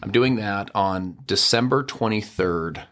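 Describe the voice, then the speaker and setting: Podcast guest, middle-aged man, deep voice, casual animated storyteller. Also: unhurried. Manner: animated storyteller, acts out quoted dialogue.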